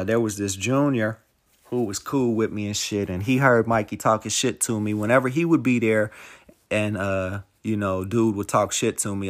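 A man's voice: on the low side, fairly bright tone. A man hosting a podcast, telling a long personal story in a loose, profane, conversational way, often breaking into reflective life lessons. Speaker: podcast host. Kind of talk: casual storytelling monologue.

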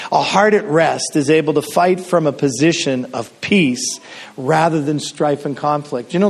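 A man's voice: on the high side, darkish tone. A middle-aged man from Canada preaching a sermon as a pastor, telling stories casually with frequent restarts and fillers.

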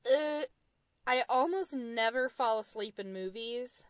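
A woman's voice: a little high, measured pace, no echo, clean studio sound. A young American woman co-hosting a podcast, chatting casually in a thoughtful, hedging way. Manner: thoughtful, hedging, with soft laughs. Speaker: podcast co-host. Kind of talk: casual chat.

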